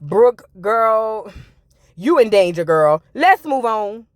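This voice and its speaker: Sassy high-voiced woman recapping TV. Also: big pitch swings, slow, no room sound, studio quality. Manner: sassy, opinionated, talks straight to viewers. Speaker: reality TV reviewer. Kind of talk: casual recap commentary.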